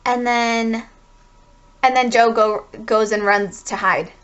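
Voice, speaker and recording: Woman doing a rambly tarot reading, kinda high voice, muffled lo-fi audio. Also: fairly even intonation, takes it slowly, a bit bright, clean tone. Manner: rambling, full of "like", swears casually. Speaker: tarot reader. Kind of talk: casual spiritual reading.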